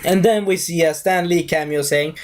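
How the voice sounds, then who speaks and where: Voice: mid-range voice, moderate pace. A movie reviewer talking in a casual, rambling way, drifting off topic and breaking into silly voices.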